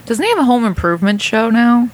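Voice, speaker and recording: A woman in her thirties in casual chat, an animated storyteller who swears freely and laughs often. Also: on the high side, fast.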